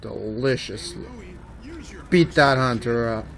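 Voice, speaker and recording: A man giving casual let's-play commentary on his own gameplay, muttering asides and breaking into excited yelps. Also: medium pitch, takes it slowly. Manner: running commentary that swings from mumbling to excited yelps. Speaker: gaming video host.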